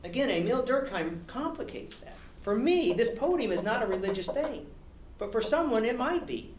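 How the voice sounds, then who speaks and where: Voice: mid-range voice, big pitch swings, normal speed, darkish tone. A university lecturer giving an academic talk with slides, posing rhetorical questions and often tagging on "right?". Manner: poses rhetorical questions, frequent "right?" tag. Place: lecture hall at a podium. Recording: echoey hall, distant mic, faint hiss.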